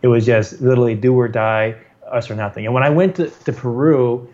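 A man's voice: medium pitch, a little fast. Man telling a story, muffled recording. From California. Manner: restarts and repeats words, energetic, self-deprecating humor. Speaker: guest telling his story. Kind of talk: casual storytelling. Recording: slightly dull, muffled recording.

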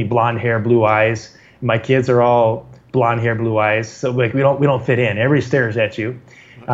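A middle-aged man from California tells a personal story in a relaxed, energetic way. He restarts his sentences and repeats words as he goes, with some self-deprecating humor, at a pitch typical for a man. The recording sounds a bit dull and muffled. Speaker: guest telling his story. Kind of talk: casual storytelling.

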